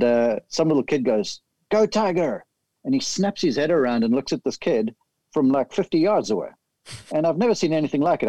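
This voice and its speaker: A man tells an animated story in a casual chat. His voice is mellow and warm. It sounds dry and close. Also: medium pitch, dry recording, rough recording. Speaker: golf analyst guest.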